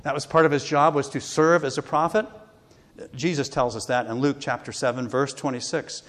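A man's voice: mid-range voice, fairly even intonation, normal speed, fairly bright tone. Male pastor, mid-range voice, earnest sermon delivery with scripture quotes, long church-hall reverb. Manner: earnest preaching, quoting scripture with rising emphasis.

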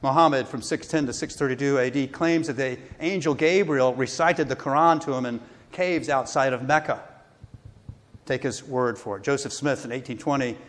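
A man's voice: mid-range voice, a little fast. Male pastor, mid-range voice, earnest sermon delivery with scripture quotes, long church-hall reverb. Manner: earnest preaching, quoting scripture with rising emphasis.

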